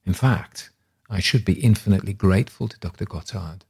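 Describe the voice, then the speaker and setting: A man reading a literary story aloud in a measured, reflective way. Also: low-pitched, gravelly, darkish tone, husky. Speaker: reader.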